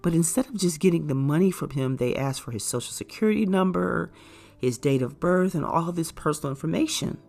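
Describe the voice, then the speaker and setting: A woman giving an earnest, measured talk that gently explains things to caregivers. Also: low-pitched, lively intonation, vocal fry. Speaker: caregiver educator. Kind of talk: informative talk to camera.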